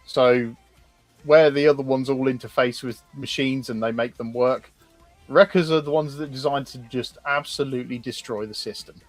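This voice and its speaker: A man's voice: medium pitch, steady tone, moderate pace, no room sound, soft background music. A man co-hosting a livestream, casually explaining characters with frequent ums and restarts. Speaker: co-host presenting concept art.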